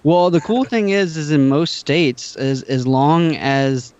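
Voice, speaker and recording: A young man from Georgia on a casual podcast, telling stories in an animated way and acting out both sides of a conversation. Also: fairly high pitch, takes it slowly, clean tone. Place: home, California. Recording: dull lo-fi remote audio.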